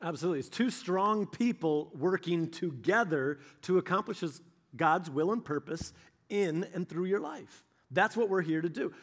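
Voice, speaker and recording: Middle-aged male pastor, earnest, storytelling sermon, voice a touch high. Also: expressive. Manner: earnest, storytelling, reads scripture slowly. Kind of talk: sermon with scripture reading.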